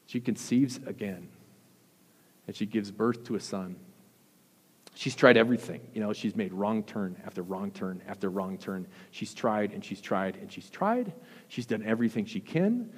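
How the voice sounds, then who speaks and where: A man preaching a sermon as pastor, earnest, with emphatic rises and soft, intense drops. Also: on the low side, breathy edge. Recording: long hall reverb.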